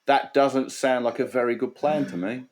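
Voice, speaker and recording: A man's voice: mid-range voice, fairly even intonation, moderate pace, a little mellow. A man co-hosting a podcast, dry and sarcastic in a casual chat. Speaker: podcast co-host.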